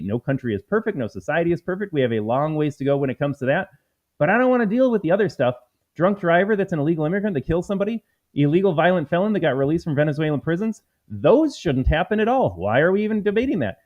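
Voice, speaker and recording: A man from the United States runs a live political stream in a combative, emphatic style, calling his audience "folks." His voice is a little high with a darkish tone, and the lo-fi stream sound is slightly dull.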